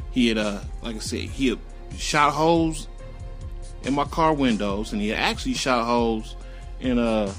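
A middle-aged man telling a personal story, profane and emphatic. His pitch sits in the middle, and faint music plays behind him. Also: fairly bright tone. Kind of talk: casual storytelling.

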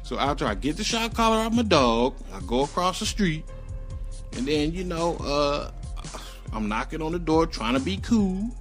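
A man's voice: fairly high pitch, sing-song, moderate pace, a bit bright, faint music behind. A middle-aged man telling a personal story in a casual, profane and emphatic way.

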